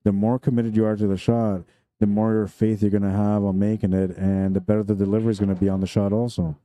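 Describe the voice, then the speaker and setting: A man's voice: lowish voice, little pitch movement, fast talker, warm tone. A man commentating a pool tournament live stream, chatty and jokey, laughing often between remarks.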